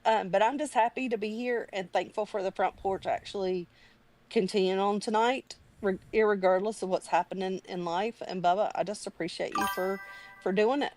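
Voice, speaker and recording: Woman, near tears, earnest, rambling, casual heartfelt chat, mid-pitched voice. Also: steady tone, moderate pace, darkish tone, faint music behind. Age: adult parent.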